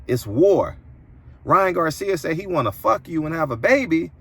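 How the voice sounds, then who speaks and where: A man delivering an opinionated commentary monologue as a boxing commentator, preachy and emphatic, his voice jumping higher when indignant. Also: lively intonation, moderate pace, fairly bright tone, breathy edge.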